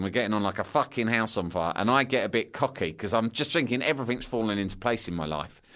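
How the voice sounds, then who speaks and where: Animated man telling a story. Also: on the low side. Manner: animated, acts out voices in his anecdotes, swears freely. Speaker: podcast guest. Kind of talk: casual storytelling.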